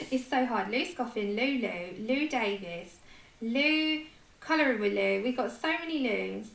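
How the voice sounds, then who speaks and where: A woman's voice: on the high side, animated, a little slow, gravelly, a bit bright. A woman with a London accent hosts a livestream and chats casually while colouring, laughing at herself often. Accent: London English. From London, England. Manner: chatty, self-deprecating, laughs often. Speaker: livestream host. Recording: echoey room with faint noise.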